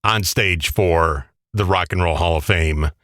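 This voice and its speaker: A man's voice: low voice, unhurried, fairly bright tone, dry recording, clean studio sound. A man hosting a news segment, introducing clips in a conversational way. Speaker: news host. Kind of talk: news presenting.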